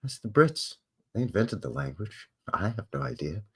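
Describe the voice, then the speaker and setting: A Canadian man with a lowish voice hosts a casual live stream. He reads historical notes aloud and keeps interrupting himself with dry, offhand remarks. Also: sing-song, normal speed, slightly rough. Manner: wry offhand asides between read-out facts. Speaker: live show host.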